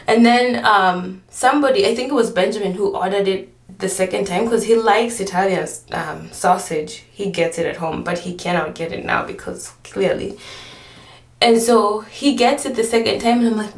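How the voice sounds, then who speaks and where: A woman's voice: mid-range voice, normal speed, echoey room, distant mic. A pregnant woman vlogger chatting casually, rambling with lots of fillers and often short of breath. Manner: rambling, filler-heavy storytelling. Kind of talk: casual chat.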